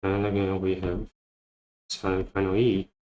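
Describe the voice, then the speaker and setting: A man teaching English vocabulary, repeating each word and phrase slowly as he explains. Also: low-pitched, level tone, a little mellow, highs cut off, a little hiss or hum. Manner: repeats words many times, thinking aloud. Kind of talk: slow, repetitive vocabulary lesson.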